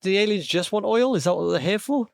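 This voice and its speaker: A man's voice: sits high, lively intonation, fast, gravelly, dry recording, studio quality. A man co-hosting a comedy podcast, firing off nitpicking questions. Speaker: podcast co-host. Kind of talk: comic banter.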